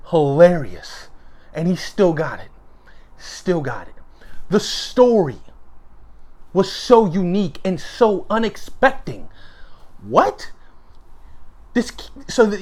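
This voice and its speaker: Excitable profane man reviewing a movie. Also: a little high. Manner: excitable, profane, laughs often, quotes scenes in animated bursts. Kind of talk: casual spoken review.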